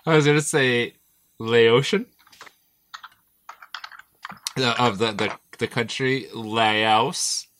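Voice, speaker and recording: A man's voice: medium pitch, takes it slowly, slight background noise. A man co-hosting a casual podcast, joking around and reading out listener comments. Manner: animated, joking, reads chat comments. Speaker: podcast co-host. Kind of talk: casual chat.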